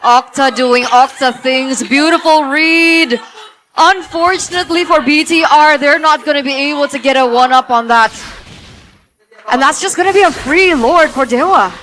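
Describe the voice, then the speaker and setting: A woman giving conversational color commentary on an esports match, with quick reactive asides. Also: sits high, fairly bright tone, a little hiss or hum. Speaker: esports co-caster.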